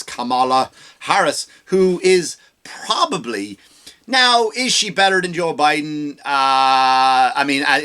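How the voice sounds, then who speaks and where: A man in a comedic rant, sarcastic and mocking, swearing freely. His voice sits a little high and cuts through with a sharp, forceful brightness. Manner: sarcastic, profane; mocking, exaggerated. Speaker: comedy podcast host.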